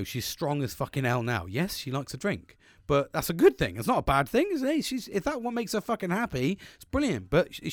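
A man's voice: mid-range voice, no room sound, studio quality. A young man, hosting a podcast and talking frankly and casually, swearing often. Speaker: podcast host. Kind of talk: casual solo podcast monologue.

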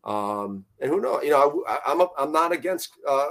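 A man's voice: fairly high pitch, expressive, brisk, a bit bright. Rambling man talking tournaments. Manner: rambling, many fillers and restarts. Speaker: fishing tournament founder. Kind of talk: casual podcast chat.

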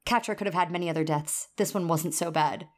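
A woman co-hosting a podcast in casual chat, animated and acting out the quotes she retells. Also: fairly low pitch, fast. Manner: animated, acts out quoted lines. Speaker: podcast co-host.

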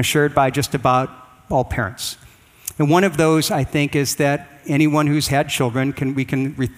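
A middle-aged man giving a conversational sermon full of family stories, acting out his children in a raised voice. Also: long reverb tail. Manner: conversational, anecdotal, acts out quoted kids in a higher voice. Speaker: preacher.

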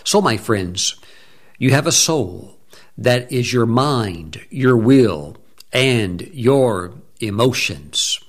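A middle-aged man preaching a sermon from the pulpit. He speaks emphatically, drawing words out and humming between phrases. His voice sits at an ordinary male pitch. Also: animated, drawn-out words. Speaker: pastor.

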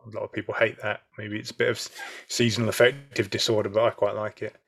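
Jokey young podcast host. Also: male voice, fairly low pitch, flat delivery, fast, vocal fry. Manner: jokey, upbeat. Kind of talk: casual chat.

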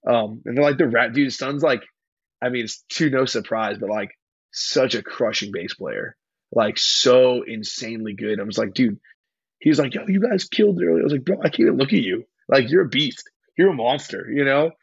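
Brief: young male guest, rambling slangy storyteller, husky voice, dry close sound. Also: mid-range voice, moderate pace, no room sound, dull audio. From California. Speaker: hardcore band vocalist, podcast guest. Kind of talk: casual interview chat.

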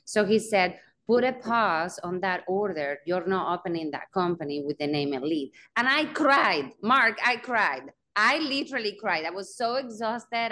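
Woman guest on a chat show, animated, acts out the dialogue in her story. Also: mid-range voice, slight background noise. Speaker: guest, real estate company founder. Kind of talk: casual interview storytelling.

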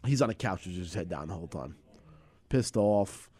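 A man's voice: low-pitched, expressive, normal speed, mellow, breathy edge, no echo. A man as a podcast guest, telling a rambling story in a casual, loose way, laughing often and swearing freely.

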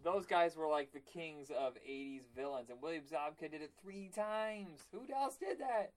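A man's voice: a little high, normal speed, crowd noise. Rambling man chatting about old movies. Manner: rambling, animated, swears casually. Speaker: podcast co-host. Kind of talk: casual movie chat. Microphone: remote call.

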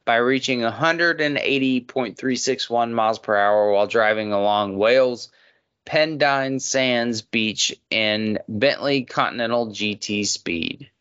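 A man hosting a casual movie podcast, reading out film facts slowly and swearing offhandedly. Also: medium pitch, fairly bright tone, clean tone, muffled recording. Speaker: podcast host.

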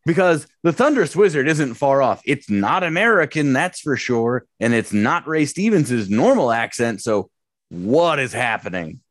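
A man co-hosting a casual movie podcast, incredulous and animated, swearing freely. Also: mid-range voice, normal speed, dry recording, clean studio sound. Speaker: podcast co-host.

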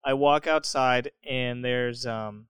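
A man's voice: medium pitch, steady tone, takes it slowly, a bit bright, smooth, dry recording. A young man on a remote call, telling a party story casually, laughing often and swearing freely.

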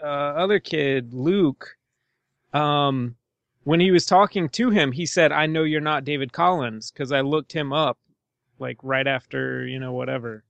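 A man's voice: a little high, unhurried, vocal fry, a bit bright, no echo, muffled recording. A man co-hosting a casual movie podcast, rambling and laughing as he talks. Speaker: podcast co-host.

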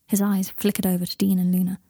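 A woman narrating a story in a calm, even reading voice on a close microphone. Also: medium pitch, fast, no echo. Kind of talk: storybook narration of fan fiction.

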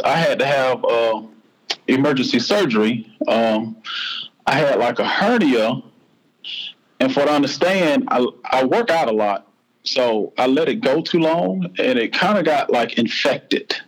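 A man's voice: mid-range voice, expressive, a little slow, low-quality recording. A man in his forties with a Southern US accent, telling a personal story as a podcast guest in an earnest, heartfelt way. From North Carolina, US.

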